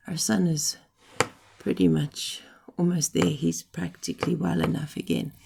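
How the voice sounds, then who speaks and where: A middle-aged woman recovering from illness, talking casually to camera, hoarse and short of breath, rambling and apologetic. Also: on the low side, little pitch movement, a little slow, dark tone. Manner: rambling, apologetic, frequent ums.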